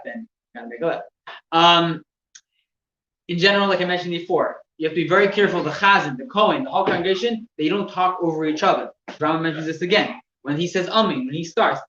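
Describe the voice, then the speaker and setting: A man teaching religious laws to a class, explaining step by step with halting repeats and gestures. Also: on the high side, a bit bright. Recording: echoey room, distant mic, dull sound with faint noise.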